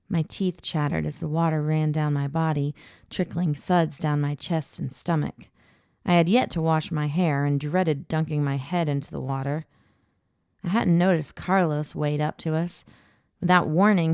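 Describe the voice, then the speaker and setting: A woman narrating a first-person audiobook in an even, intimate storytelling voice, recorded close in a booth. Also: low voice, normal speed, gravelly, clean tone, no echo.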